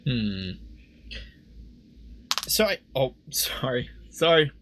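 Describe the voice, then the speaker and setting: A man's voice: medium pitch, big pitch swings, drawn-out words, a bit bright, a little hiss or hum. Rambling young man playing a game. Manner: rambling, self-questioning, laughs easily. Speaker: let's play host. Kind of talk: casual game commentary. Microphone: desk microphone.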